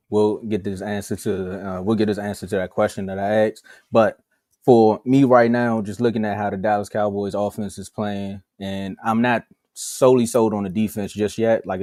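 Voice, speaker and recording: A man co-hosting a sports talk show in casual, animated, slangy chat over a video call. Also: fairly low pitch, no echo, clean studio sound. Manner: animated, slangy, acts out quotes.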